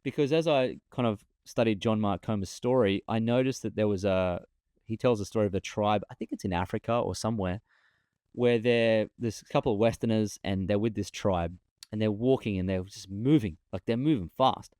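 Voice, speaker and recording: A man talking as a podcast guest over a remote call, an animated storyteller who often repeats himself. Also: lowish voice, a little fast, no room sound. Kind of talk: casual interview talk.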